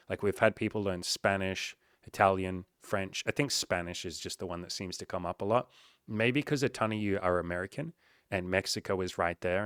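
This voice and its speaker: Male dating coach, lower voice, casual and blunt, dry close-mic delivery. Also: fairly bright tone, no echo. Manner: frank and upbeat, swears casually. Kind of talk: casual commentary reading a client's update.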